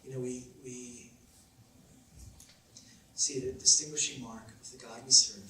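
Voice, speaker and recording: A man's voice: mid-range voice, steady tone, unhurried, bright, forceful tone, slight background noise. A man preaching a sermon as a pastor, telling a personal story in a conversational way with frequent fillers. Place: church auditorium. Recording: very echoey church hall, mic at a distance.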